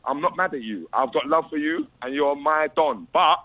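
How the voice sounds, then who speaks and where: A man's voice: fairly high pitch, moderate pace. Insistent man. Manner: insistent, talks over the interviewer. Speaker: interview guest. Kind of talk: heated interview argument. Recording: muffled interview clip.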